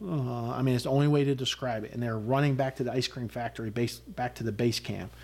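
A man's voice: medium pitch, steady tone, fast, darkish tone. Blunt man telling a war story. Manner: vivid, blunt storytelling with swearing and frequent "uh" fillers. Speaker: podcast guest, retired Army sergeant major. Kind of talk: recounting a combat story in conversation.

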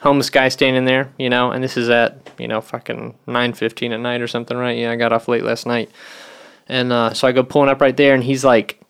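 A man's voice: mid-range voice, level tone, a little fast, creaky, fairly bright tone, smooth. A man telling a long story in casual chat, rambling and swearing, with lots of "you know". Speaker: podcast co-host.

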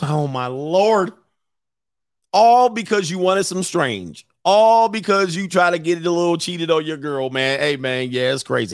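A man hosting a live stream as a dating coach, ranting comically and acting out both sides of a story in quick voices, laughing often. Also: a little high, lively intonation, dry recording, clean studio sound. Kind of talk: casual comedic rant.

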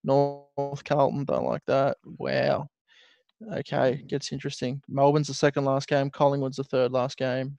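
A man's voice: medium pitch, completely flat delivery, a little slow, vocal fry, darkish tone, highs cut off, soft background music. A man co-hosting a podcast, chatting in a wry, laid-back way. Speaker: podcast co-host. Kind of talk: casual chat.

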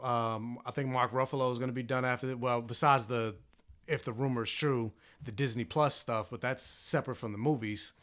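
A man's voice: medium pitch, steady tone, fairly quick, a bit bright. A man chatting casually, rambling and restarting his sentences often. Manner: rambling, restarts, lots of fillers. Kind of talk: casual chat.

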